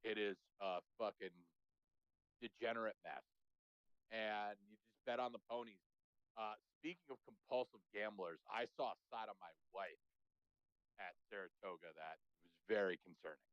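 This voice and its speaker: A man's voice: fairly low pitch, moderate pace, dry recording. A man co-hosting a casual sports chat, telling rambling, profane stories. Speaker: podcast co-host. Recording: dull, lo-fi sound.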